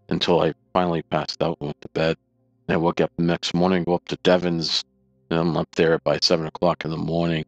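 Low gravelly male, earnest personal testimony, dry close mic. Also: a bit bright, no echo, poor audio. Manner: earnest, emotional, repetitive retelling. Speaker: near-death experience storyteller.

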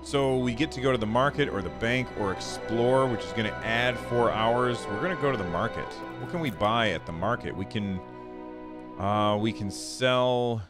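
A man's voice: medium pitch, moderate pace, over music. A man hosting a gaming video, reading a text game aloud and chatting, stumbling over words and joking about himself. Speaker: gaming channel host.

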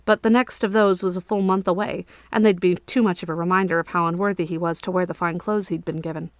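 A woman narrating a fantasy story in a steady, expressive audiobook reading. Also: fairly low pitch, fast talker, no echo, clean studio sound.

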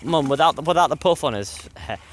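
A man's voice: a little high, lively intonation, fairly quick, slight background noise. A young man vlogging outdoors by a reservoir, chatting playfully and joking while he films his dog. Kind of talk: casual commentary while filming a dog.

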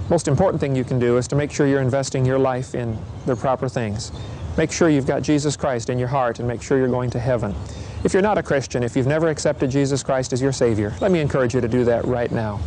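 A man's voice: medium pitch, darkish tone, slight background noise. A man preaching to young people at a seminar, folksy and urgent, acting out little scenes as he talks. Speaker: evangelist speaker.

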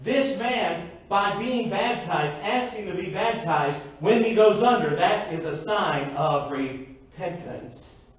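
A man's voice: sits high, expressive, takes it slowly. A man preaching a sermon to a congregation, asking rhetorical questions and slipping in joking asides. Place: church sanctuary. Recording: echoey church from far off.

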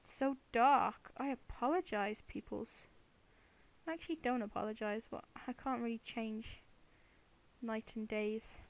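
A woman's voice: fairly high pitch, unhurried. A woman giving casual, chatty commentary while playing a video game, playfully talking to the animals and monsters on screen. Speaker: let's play gamer.

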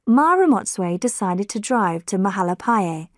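Slow, clear woman narrating a graded reader. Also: mid-range voice, very animated, dry recording, studio quality. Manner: slow, clear storytelling with quoted voices lightly lifted. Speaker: audiobook narrator.

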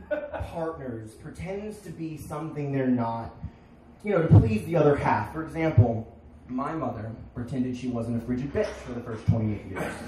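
A young man performing a stand-up comedy set on a bar stage, with deadpan punchlines and sudden shouted bits. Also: fairly high pitch. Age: young adult. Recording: echoey bar, crowd noise, distant. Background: crowd laughing.

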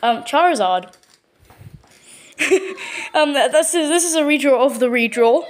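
A woman with an Australian accent casually narrating a showcase of her own artwork, stumbling over words and filling pauses with lots of ums. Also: sits high. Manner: hesitant, full of ums and repeated words. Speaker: channel owner.

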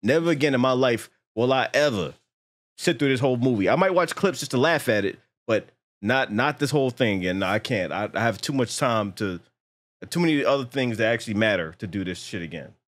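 A man's voice: medium pitch, animated, fairly quick. A man co-hosting a casual movie reaction, ranting bluntly with heavy swearing.

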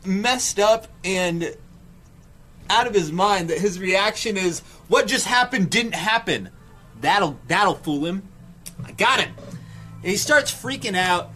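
A man's voice: high voice, slow pace, long pauses, soft background music. A young man streamer telling a story casually, swearing and acting out quotes. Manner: animated, swearing, acts out quotes with laughs.

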